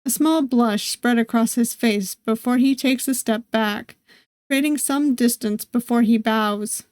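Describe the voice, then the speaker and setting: Higher-voiced woman reading a game. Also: measured pace, darkish tone, no room sound, studio quality. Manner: reads narration steadily, breaks off into playful chatty asides. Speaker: gaming streamer. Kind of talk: reading a visual novel aloud with asides.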